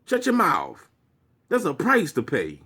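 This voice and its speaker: Swearing man ranting, lively pitch. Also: measured pace, breathy edge. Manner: preachy, swearing, lecturing. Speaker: vlogger. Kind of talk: profane monologue rant.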